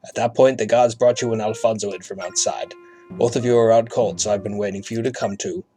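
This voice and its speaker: A man voicing a sharp-eyed old man in a wry, mock-stern manner, close to his own voice. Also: on the low side, steady tone, fairly quick, faint music behind, natural voice.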